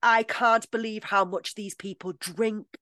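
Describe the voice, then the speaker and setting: A woman's voice: mid-range voice, fairly even intonation, a little slow, a bit bright. A British woman co-hosting a podcast, chatting enthusiastically and laughing often. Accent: British English. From Britain. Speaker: podcast co-host. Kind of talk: casual chat.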